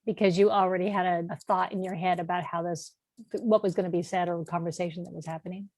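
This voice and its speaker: Warm, low-voiced woman podcast co-host who asks follow-ups. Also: steady tone, fast talker, dry recording. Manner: brief affirmations and curious follow-up questions. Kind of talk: casual podcast conversation.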